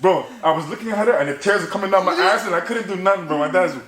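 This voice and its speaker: A young man hosting a podcast, telling a story in casual chat, animated and laughing, with "bro" in nearly every line. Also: high voice, quick pace. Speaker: podcast host. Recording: roomy echo, faint noise.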